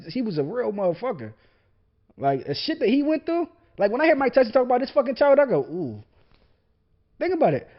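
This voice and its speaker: A young man hosting a podcast, ranting casually about sports with heavy swearing, rambling tangents and frequent laughter. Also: high voice. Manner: profane, rambling, laughing often. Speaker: podcast host. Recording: lo-fi dull podcast audio.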